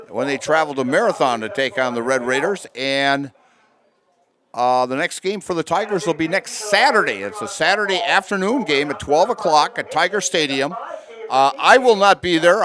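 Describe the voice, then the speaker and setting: A man calling a high school football game and signing off in a relaxed, rambling way with many fillers. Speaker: play-by-play announcer. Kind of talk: sports commentary and sign-off.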